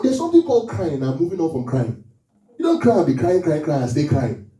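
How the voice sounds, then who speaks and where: A man preaching to a congregation, with a very dark, mellow voice that swings lively up and down. He fires rhetorical questions, then repeats the key phrase for weight. He is heard from some distance in a roomy, echoey church hall. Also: fairly high pitch, fast talker. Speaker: pastor. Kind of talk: sermon.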